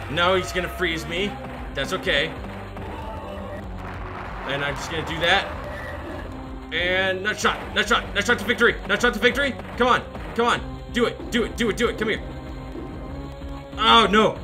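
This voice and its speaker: A man hosting a gaming video, giving excitable let's-play commentary full of shouting and goofy repeated chants. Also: high voice. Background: game music.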